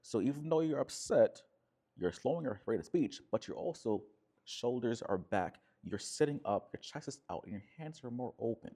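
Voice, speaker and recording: A man's voice: mid-range voice, lively intonation, moderate pace, mellow, husky. A man coaching listeners on relationships, talking emphatically and checking in with a frequent "right?". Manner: emphatic, repeats "right?" often, acts out quoted voices. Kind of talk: direct-to-camera coaching talk.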